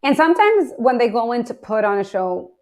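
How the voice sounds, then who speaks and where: A woman's voice: a little high, very animated, a little fast. A woman hosting an interview, curious, asking long and winding questions of her guest. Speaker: podcast host.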